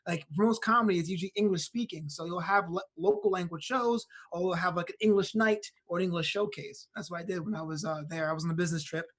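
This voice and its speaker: A man's voice: high voice, quick pace, hardly any pauses, fairly bright tone. A man, a comedian guest on a podcast, telling stories easygoingly and laughing often. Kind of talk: casual chat.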